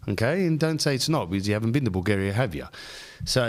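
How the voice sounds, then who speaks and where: A man's voice: medium pitch, animated, fast talker. A man, rambling and joking as a podcast host. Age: 40s. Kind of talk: casual rambling monologue.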